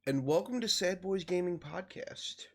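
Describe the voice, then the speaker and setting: A man's voice: high-pitched, normal speed. A man hosting a gaming podcast, telling stories in casual, profane chat. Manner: profane, animated storytelling. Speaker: podcast host.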